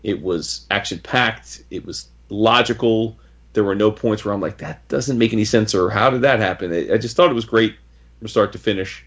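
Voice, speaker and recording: A man's voice: lowish voice, moderate pace, a bit bright. A man casually reviewing a comic book on a podcast, enthusiastic and rambling, with frequent restarts. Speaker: podcast co-host. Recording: dull lo-fi audio.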